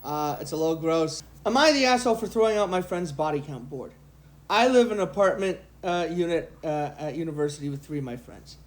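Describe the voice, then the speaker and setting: A man reads a story aloud on a podcast, his pitch bouncing up and down as he plays with the lines. He breaks off to joke around. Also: expressive, fairly quick. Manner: playful, laughs between lines. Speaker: podcast co-host. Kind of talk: reading stories aloud and chatting.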